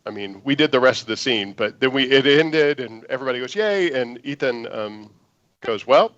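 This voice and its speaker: A man, an actor guest, telling an animated audition story in an interview and acting out the lines he quotes. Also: mid-range voice, brisk, dull audio.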